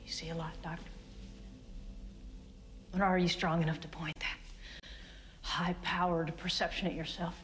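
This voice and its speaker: A woman's voice: lowish voice, little pitch movement, normal speed, long pauses, a bit bright, soft background music, lightly acted. A woman playing an earnest young trainee agent. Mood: guarded. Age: young adult. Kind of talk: film dialogue.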